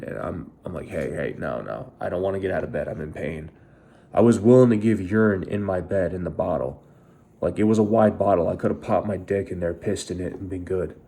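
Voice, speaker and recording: A young man with a low, mellow voice tells his own story straight to camera. He sounds bitter and angry and swears constantly. He talks like a veteran venting about how he was treated. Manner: angry, heavily profane, bitter. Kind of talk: emotional first-person storytelling.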